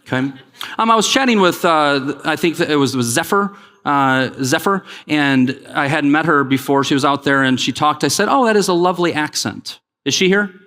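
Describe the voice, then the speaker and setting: Energetic keynote speaker in a big hall. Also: male voice, a little high, moderate pace. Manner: energetic, joking, pushes the crowd to respond. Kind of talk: conference keynote. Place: large conference hall. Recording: long hall reverb.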